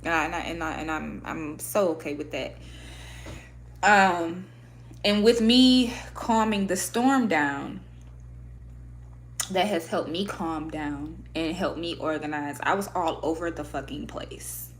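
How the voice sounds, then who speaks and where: A woman's voice: deep voice, slow pace, a little hiss or hum. A woman from Michigan, talking candidly and with plenty of swearing as she vlogs to camera. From Michigan, USA. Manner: candid, profane, expressive. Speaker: vlogger and podcaster. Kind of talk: casual talk to camera. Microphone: own microphone at a desk setup.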